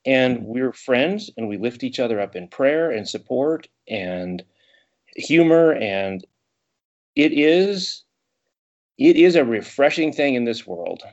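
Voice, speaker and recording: A man's voice: medium pitch, lively intonation, slow, a little mellow, dull audio. Earnest male podcast co-host. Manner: earnest, repeats words and restarts when speaking. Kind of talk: casual chat.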